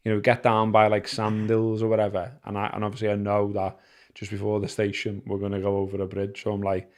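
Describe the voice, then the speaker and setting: A man with a Liverpool accent co-hosting a podcast, telling stories in a rambling, halting way with many fillers. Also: lowish voice, monotone. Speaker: podcast co-host. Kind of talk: casual chat.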